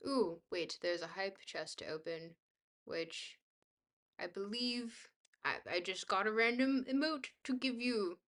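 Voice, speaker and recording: A woman's voice: medium pitch, a little slow, fairly bright tone. A young woman livestreamer chatting casually with her viewers, bubbly, goofy and self-deprecating. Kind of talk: casual chat, reading viewer messages.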